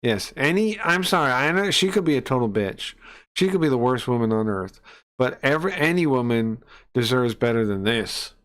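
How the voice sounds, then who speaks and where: A man's voice: mid-range voice, animated, moderate pace, fairly bright tone. A young man streaming casual reaction commentary, brash and mocking, swearing freely and tripping over restarts and fillers.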